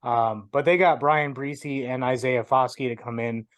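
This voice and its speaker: A young man on a sports talk show who speaks in a confident, organized way, going through his points one by one. His middle-pitched voice is recorded dry and close, with no room echo. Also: fairly even intonation, moderate pace, a bit bright. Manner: confident, listing points in order. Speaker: sports podcast co-host.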